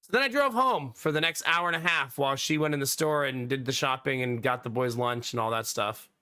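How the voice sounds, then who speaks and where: A man streaming live, telling a story casually to his chat in an animated, exasperated way and laughing often. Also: medium pitch, brisk, clear, resonant tone. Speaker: live streamer chatting with viewers.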